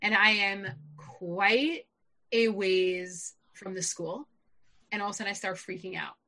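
Bright-voiced woman telling a lively story. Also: unhurried, rough recording. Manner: animated, jumps high when quoting herself. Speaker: public speaker. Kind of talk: personal storytelling.

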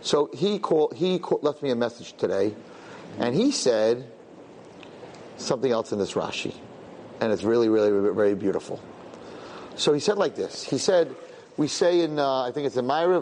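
A man gives a religious lesson in a chatty, storytelling manner, slipping into other people's voices as he recounts events. His voice sits at an ordinary middle pitch, with a faint hiss in the background. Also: moderate pace, pauses often. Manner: animated storytelling, conversational, acts out dialogue. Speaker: religious teacher. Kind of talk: Torah lesson with personal stories.

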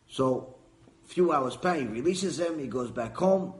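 Animated man teaching a Torah class. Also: fairly high pitch, measured pace, reverberant. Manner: animated, emphatic storytelling. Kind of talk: Torah lecture with storytelling. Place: lecture room with audience.

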